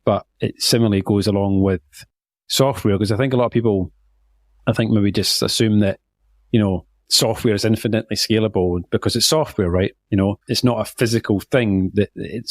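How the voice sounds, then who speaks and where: A man's voice: lowish voice, fairly even intonation, brisk, no echo. A man hosting a podcast, talking things through casually with lots of fillers. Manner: conversational, thinks aloud with many fillers. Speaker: podcast host.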